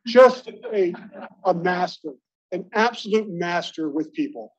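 A middle-aged man from Baltimore speaks to a room of old colleagues, sharing warm, self-deprecating anecdotes in a loose conversational manner. His voice is a touch high and husky. The recording sounds dull and lo-fi. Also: animated, unhurried. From Baltimore, United States. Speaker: alumni meeting speaker.

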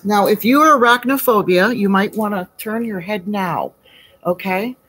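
A woman's voice: mid-range voice, moderate pace, fairly bright tone, husky, poor audio. Chatty woman hosting a home baking stream. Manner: chatty, greets viewers by name, folksy. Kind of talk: casual live-stream chat. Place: home kitchen.

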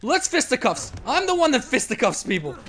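A man doing let's play commentary, excitable, swinging between yelling and muttering. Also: very high-pitched, brisk. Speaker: gameplay commentator.

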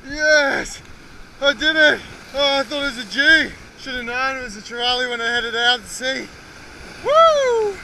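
An Australian man talking to viewers while fishing off an ocean rock wall, exclaiming excitedly as fish bite and chatting casually between casts. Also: very high voice. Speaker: fishing vlogger. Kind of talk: outdoor fishing vlog commentary. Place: outdoors on a rock wall by the sea. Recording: loud wind and surf noise outdoors.

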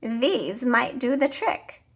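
A woman voicing a kind, gentle old woman in a storybook read-aloud, speaking softly and reassuringly. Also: on the high side, lively intonation, slow, breathy edge, heavily acted.

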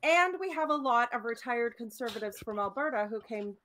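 A woman's voice: a little high, animated, brisk, crowd noise. A woman from British Columbia chatting playfully on a panel. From British Columbia, Canada. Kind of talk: casual group chat.

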